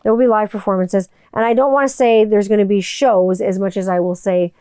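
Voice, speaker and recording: A woman's voice: mid-range voice, steady tone, brisk, warm tone, smooth, dry recording, clean studio sound. A woman hosting her own podcast, talking casually and candidly, swearing freely and circling back through restarts. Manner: candid and profane, with rambling restarts. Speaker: podcast host. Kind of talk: casual solo podcast monologue. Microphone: studio microphone.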